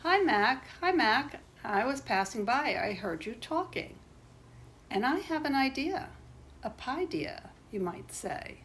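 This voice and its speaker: An older woman voicing a chummy, pun-making meatball friend in a children's storybook, in a high, bouncy voice. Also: sing-song, slow pace, a bit bright, a little hiss or hum, heavily acted. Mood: cheerful.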